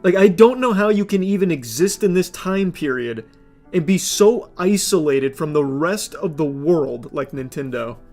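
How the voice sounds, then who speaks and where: A man's voice: a little high, normal speed, faint music behind. A young adult man streaming, ranting casually with lots of swearing and frequent laughter. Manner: animated, profane, laughing often. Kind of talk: casual livestream rant.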